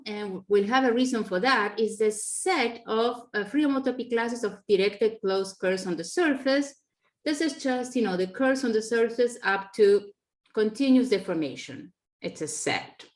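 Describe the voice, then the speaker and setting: A woman giving a mathematics lecture over a video call, explaining in a conversational, self-correcting way with non-native phrasing and frequent fillers. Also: medium pitch. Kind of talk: online conference math talk.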